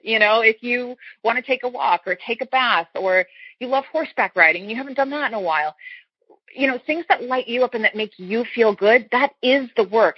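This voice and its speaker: A woman with a husky, slightly breathy voice talks earnestly as a guest coach. She explains her points with homely comparisons and often restarts her sentences. The sound is dry and a little dull and lo-fi. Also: medium pitch, dry recording. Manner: earnest, explains with everyday analogies, frequent restarts. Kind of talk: casual interview chat.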